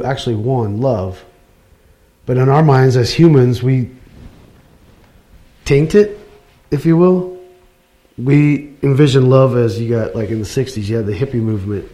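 A man's voice: mid-range voice, a little slow, long pauses, dark tone. A middle-aged man giving an informal, earnest church talk, speaking personally and conversationally. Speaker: lay preacher.

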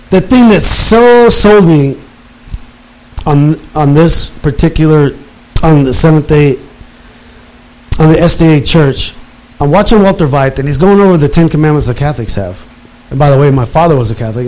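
Animated retired military man. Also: fairly high pitch, rough recording. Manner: animated, acts out his own past words. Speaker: guest telling his life story. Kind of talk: casual personal testimony.

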